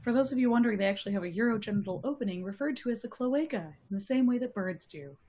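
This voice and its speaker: A woman's voice: on the high side, lively intonation, very fast, mellow, slightly rough. A woman playing a tabletop game, playful, explaining facts in a mock lecture. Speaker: player. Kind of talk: casual tabletop play.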